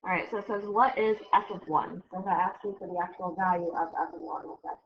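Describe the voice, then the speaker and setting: A woman's voice: fairly low pitch, fairly even intonation, quick pace. A woman teacher giving a casual classroom math lecture, chatty and often correcting herself. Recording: dull lo-fi recording.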